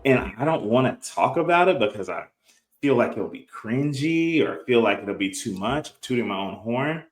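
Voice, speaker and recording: A man's voice: medium pitch, animated. Reflective man in an echoey room. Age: 30s. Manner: reflective, earnest, quotes others in quick bursts. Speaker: guest entrepreneur. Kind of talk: conversational podcast interview.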